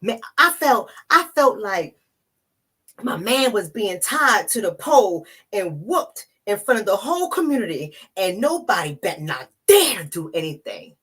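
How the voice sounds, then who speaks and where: A woman's voice: medium pitch, sing-song, measured pace, fairly bright tone, slightly rough. A woman from the Bronx, a relationship coach, talking emphatically to her viewers in an emotional vlog. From the Bronx, New York. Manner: emphatic, talks straight to viewers as y'all.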